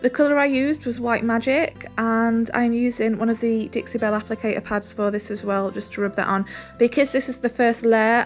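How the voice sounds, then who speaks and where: A woman narrating a furniture painting tutorial, relaxed and chatty, with soft music behind. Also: fairly high pitch. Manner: relaxed, chatty, says "um" and "really, really" often. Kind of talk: step-by-step painting tutorial voice-over.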